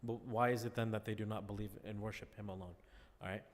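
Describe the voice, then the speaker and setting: A man's voice: on the low side, steady tone, quick pace. A man teaching a class in a conversational lecture, often checking in with his listeners. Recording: long reverb.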